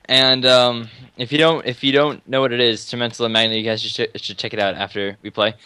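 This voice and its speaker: A man's voice: medium pitch, little pitch movement, fairly quick, pushed and bright, clear, resonant tone, dry recording. A man chatting casually and joking with friends while playing an online game. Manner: laughing, joking banter. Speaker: gamer. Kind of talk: casual gaming chat.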